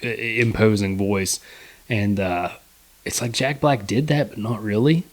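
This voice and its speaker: A man's voice: fairly low pitch, measured pace. A young man co-hosting a casual movie review podcast, laid-back and rambling, with lots of fillers and swearing. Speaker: podcast co-host.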